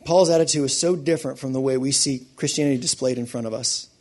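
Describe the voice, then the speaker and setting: A man preaching a sermon with animated delivery, swinging between loud emphasis and quiet asides and laughing often. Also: medium pitch, fast.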